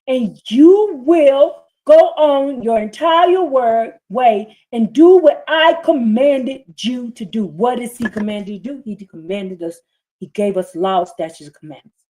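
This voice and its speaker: Fiery preaching woman, higher voice. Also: unhurried, mellow. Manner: fiery, scolding, reads scripture in rising bursts. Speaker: preacher streaming a scripture reading. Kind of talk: impassioned live-stream sermon.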